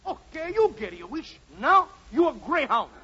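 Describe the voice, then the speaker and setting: An actor playing a brisk, teasing magical wish-granter in 1940s radio comedy. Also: male voice, very high voice, big pitch swings. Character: fast-talking wish-granting magical man. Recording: noisy, muffled 1940s radio recording.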